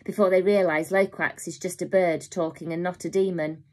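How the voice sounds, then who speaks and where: A woman's voice: lowish voice, fairly even intonation, normal speed, a little mellow, lightly acted. A woman voicing a serious, protective older boy who speaks urgently.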